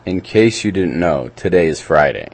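A man's voice: deep voice, expressive, moderate pace, gravelly, a little mellow, husky. A man co-hosting a community radio show, chatting casually and reading out local event listings in a rambling way. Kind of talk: casual radio chat and announcements.

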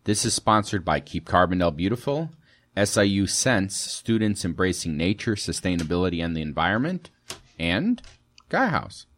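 Man, low voice, animated swings, playful radio co-host, joking. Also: normal speed. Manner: playful, joking, lively ad-style delivery. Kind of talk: casual radio chat. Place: radio studio.

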